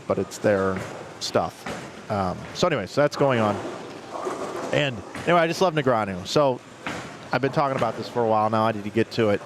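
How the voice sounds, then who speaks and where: A man's voice: mid-range voice, background noise. A man commentating a live bowling stream, rambling through chatty stories between play calls.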